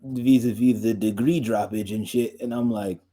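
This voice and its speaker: Low, mellow-voiced man rambling casually. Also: fairly even intonation, moderate pace. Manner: loose and chatty, many fillers, laughs often. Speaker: podcast and stream host.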